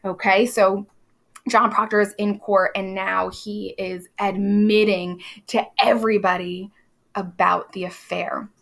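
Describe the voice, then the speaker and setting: A woman's voice: medium pitch, flat delivery, unhurried, creaky. A young adult woman teaching, explaining a play in a casual way with lots of fillers. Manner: casual, many fillers, briefly acts out quoted lines.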